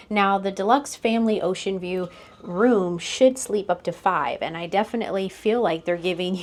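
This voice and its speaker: A young American woman vlogger narrating a casual walkthrough of a cruise ship cabin, pointing things out and laughing lightly. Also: fairly low pitch. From United States. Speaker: vlogger giving a room tour.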